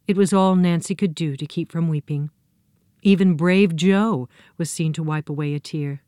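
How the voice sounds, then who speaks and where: A woman narrating a children's storybook with a gentle, expressive reading. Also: low voice, normal speed, clean tone, no room sound, studio quality.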